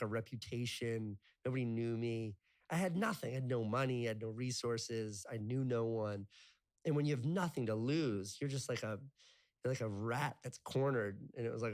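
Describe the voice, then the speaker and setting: A man in his thirties telling his life story as an interview guest, rambling with lots of filler words and casual swearing. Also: medium pitch. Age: 30s.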